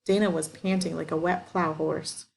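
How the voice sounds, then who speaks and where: A woman reading a novel aloud in steady, even narration. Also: low-pitched, normal speed, gravelly. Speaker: audiobook reader. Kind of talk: scripted narration.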